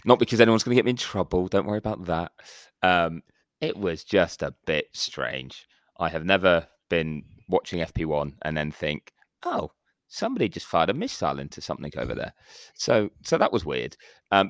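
A man's voice: deep voice, very animated, normal speed, dry recording. A man co-hosting a casual podcast, teasing his co-hosts in dry banter. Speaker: podcast co-host. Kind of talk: casual chat.

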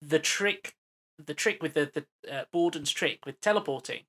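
A man's voice: fairly high pitch, normal speed, sharp tone. A man co-hosting a film podcast, explaining his points at length with many fillers. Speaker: podcast co-host. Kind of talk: casual film discussion.

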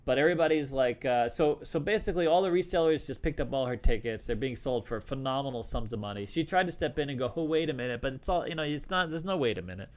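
A man's voice: medium pitch, fast talker, hardly any pauses. A man hosting a casual live stream, talking loosely and joking with lots of restarts. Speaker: host.

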